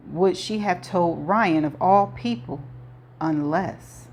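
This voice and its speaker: A woman reading a novel aloud with expressive narration and playful asides. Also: fairly low pitch, slow, slight background noise. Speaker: audiobook reader.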